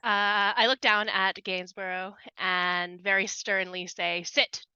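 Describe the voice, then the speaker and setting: A woman playing a tabletop game who describes her character's actions in a measured, deliberate way. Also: medium pitch, little pitch movement, bright, forceful tone, clear, resonant tone, no room sound, lo-fi sound. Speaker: player.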